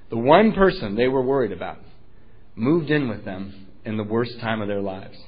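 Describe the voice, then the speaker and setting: A man sharing a personal recovery story, candid and self-mocking, swinging between hushed and loud. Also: mid-range voice, lo-fi sound. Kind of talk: personal testimony talk.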